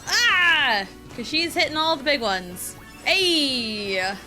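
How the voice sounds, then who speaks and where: A woman's voice: high-pitched, big pitch swings, slow pace, sharp tone. A woman streaming a video game, chatting casually and giggling as she gushes about her favourite characters. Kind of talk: casual gaming livestream chat. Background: game music.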